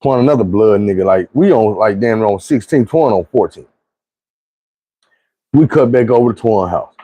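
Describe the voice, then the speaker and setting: Mellow-voiced man telling a story. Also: lowish voice, moderate pace, no echo. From Arkansas. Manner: animated, slangy, acts out quoted friends. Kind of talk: casual profane storytelling.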